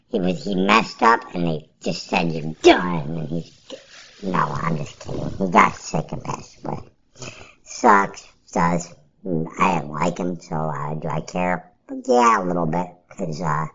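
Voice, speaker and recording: A woman's voice: extremely low pitch, vocal fry, a bit bright, slightly rough, dull audio. A woman podcast host giving casual, rambling fantasy sports picks in a blunt, offhand way, with some profanity.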